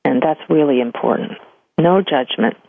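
A woman's voice: deep voice, moderate pace, creaky, no echo. An older woman speaks as a medium in an interview, her voice thin and tinny like a telephone line. She tells stories animatedly and slips into the voices she quotes. The sound is dry and close. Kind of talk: conversational interview storytelling. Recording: tinny phone-line audio.

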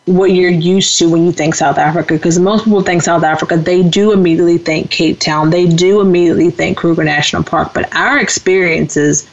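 A woman co-hosting a talk show from the United States, telling a travel story in a casual, animated way and acting out the voices of people she quotes. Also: on the low side, brisk, hardly any pauses. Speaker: co-host. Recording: dull lo-fi radio-show audio.

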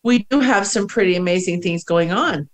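A woman's voice: lowish voice, normal speed. Emotional woman podcast host. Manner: warm, emotional, laughs often, restarts a lot. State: teary, emotional. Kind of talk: casual spiritual podcast chat.

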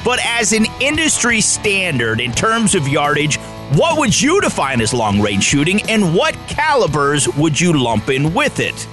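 Upbeat male co-host, animated, slightly higher pitch. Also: a little slow, music in the background. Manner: lively, chatty, joking. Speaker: radio show co-host. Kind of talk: casual radio chat.

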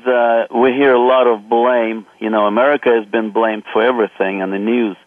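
A man with a Russian accent, speaking English as a second language, talks haltingly as a radio guest. He comes through a narrow, tinny phone line. The sound is dry and close, and his pitch sits mid-range. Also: no echo. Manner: halting, hesitant with many uh fillers.

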